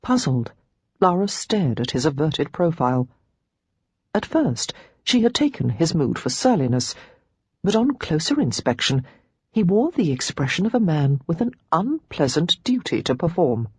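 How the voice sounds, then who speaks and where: A woman reading a romance novel aloud as an audiobook narrator, giving each character a pitch and tone of their own. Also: very animated, normal speed, darkish tone, husky, dry recording.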